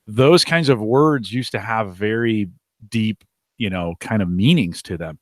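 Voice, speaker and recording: A man's voice: fairly low pitch, measured pace, dry recording, clean studio sound. A man co-hosting a podcast, talking casually and rambling, often restarting his sentences. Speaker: podcast co-host.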